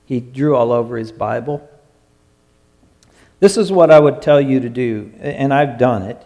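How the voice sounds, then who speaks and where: A man preaching a sermon in an emphatic way, stretching out his phrases and sometimes dropping to a hush. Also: mid-range voice, unhurried. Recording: long hall reverb.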